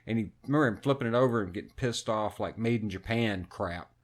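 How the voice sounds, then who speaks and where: A man telling a story on a podcast, animated and swearing constantly in casual chat. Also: on the low side, fast talker. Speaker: podcast co-host.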